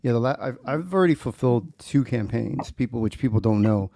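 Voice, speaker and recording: Laid-back comic guy, gravelly and mellow, cracks crude jokes. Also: mid-range voice, animated, brisk, no room sound. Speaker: comic creator guest. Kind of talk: casual chat.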